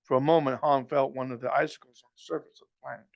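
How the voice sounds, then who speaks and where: A man reading a novel aloud, halting and restarting as he goes. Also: medium pitch, fairly even intonation, creaky, dry recording, lo-fi sound. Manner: halting, with frequent restarts and slips. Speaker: reader.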